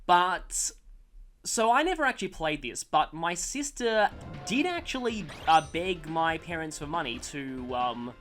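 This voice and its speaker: A man's voice: on the high side, expressive, unhurried, a bit bright. A man casually commenting on a video game he is playing, telling a rambling, self-deprecating childhood story and breaking off to react to the action. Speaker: gaming channel host. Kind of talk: let's play commentary with storytelling. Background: game music.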